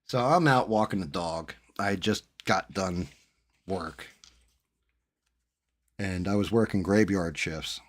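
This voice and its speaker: Male streamer host, slightly low voice, salty, animated storyteller. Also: slow pace, long pauses. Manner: profane, animated anecdote telling. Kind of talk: casual storytelling.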